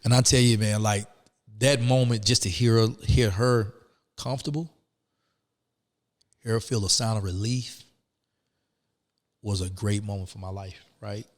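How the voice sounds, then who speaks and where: A middle-aged man, a guest telling his story in an animated, emphatic way, full of "man" and "you know what I'm saying". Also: fairly low pitch, measured pace, long pauses, in a large hall. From Atlanta, Georgia. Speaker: interview guest. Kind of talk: conversational storytelling.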